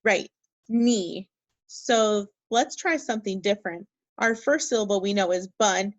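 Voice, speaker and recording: Second grade teacher lady talking real slow, cheery and patient, spelling letters out one by one, dry sound. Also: medium pitch, no room sound, poor audio. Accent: Minnesota. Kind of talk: recorded remote phonics lesson.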